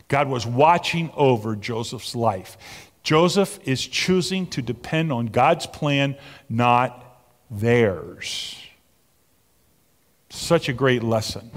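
Guy preaching a sermon, up high then down to almost a whisper, big echoey church hall. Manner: animated preaching, swinging from loud emphatic peaks to soft near-whispers. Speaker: pastor.

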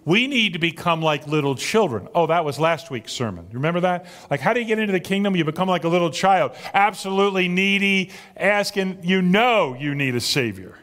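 High-voiced male pastor preaching in a hall. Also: animated, a little fast, hardly any pauses. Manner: dramatic preaching, swinging from hushed to loud. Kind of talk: sermon. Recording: long reverb of a large hall.

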